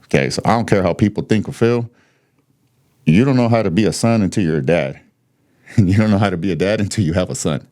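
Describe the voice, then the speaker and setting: A man's voice: low voice, fast, darkish tone. A man in his thirties from the United States, a podcast guest telling his story candidly, blunt and swearing freely, with laughs between points.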